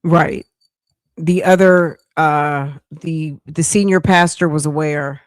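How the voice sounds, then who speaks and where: A chatty woman hosting a live commentary stream, with a lowish voice and an unhurried pace. She sounds incredulous and laughs often, recorded close on the mic in a dry room. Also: fairly even intonation, dry recording. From United States. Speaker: livestream commentary host.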